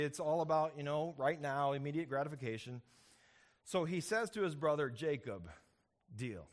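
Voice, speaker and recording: A male pastor retelling a story from the pulpit with a lively, chatty delivery, often stopping to check in with his listeners. His voice sits a little above the usual male pitch, and he slips into the characters' voices as he quotes them. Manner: conversational storytelling with frequent "right?" asides and repeated "and, and"; acts out characters' quotes with shifting pitch and loudness. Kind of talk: sermon.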